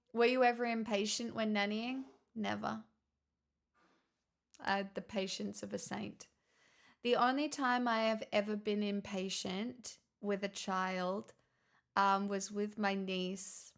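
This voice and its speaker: A woman's voice: medium pitch, fairly bright tone. A woman streamer in casual chat, rambling and laughing often as she tells stories.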